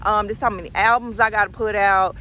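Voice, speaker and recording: A woman's voice: mid-range voice, steady tone, fairly quick, sharp tone, slight background noise, voice pushed down, close to an everyday voice. A woman voicing her newly rich ex-boyfriend, a rapper, who talks earnestly and persuasively. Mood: boastful. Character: smooth-talking newly rich male rapper ex.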